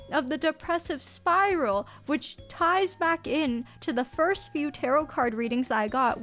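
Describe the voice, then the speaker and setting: A woman streamer in casual live-stream chat, excitable and swearing freely. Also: high voice.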